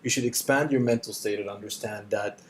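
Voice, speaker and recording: A man hosting a podcast, talking in a relaxed, conversational way. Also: lowish voice, brisk, a little hiss or hum. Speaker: podcast host.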